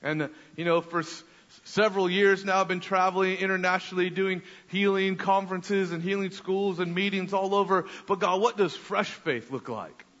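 Man, preacher, high voice, animated sermon storytelling, repeats words, echoey hall. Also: normal speed. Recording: echoey hall, dull lo-fi sound.

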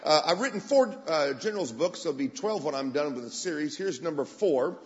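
Preacher, man, higher voice, lively storyteller, long church-hall reverb on a dull recording. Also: a little fast, slight background noise. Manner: animated, acts out quoted voices. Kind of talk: sermon storytelling.

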